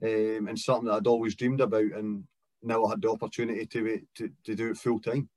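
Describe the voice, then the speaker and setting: A man's voice: on the low side, level tone, fast, a little mellow, no room sound. A Scottish man in his thirties, a guest footballer talking in a casual chat, reflective and careful with many fillers. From Scotland.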